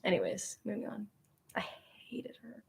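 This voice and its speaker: A woman's voice: medium pitch, very animated, moderate pace, vocal fry. A young woman co-hosting a casual chat, bubbly and slangy, giggling often.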